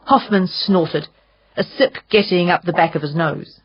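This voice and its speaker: A woman narrating an audiobook in a measured, even storytelling manner. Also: lowish voice, breathy edge, lo-fi sound. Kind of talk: scripted narration.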